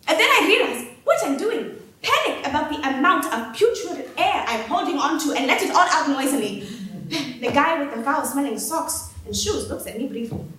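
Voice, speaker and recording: A woman performing a dramatic first-person story in a staged reading, expressive and wry, heard in an echoey theater hall. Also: sits high, normal speed.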